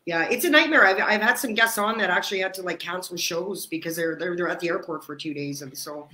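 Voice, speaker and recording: Gushing lady host on a live stream, bright sharp voice, echoey room. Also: fairly low pitch, fast. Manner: enthusiastic, effusive. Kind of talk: live-streamed talk show interview.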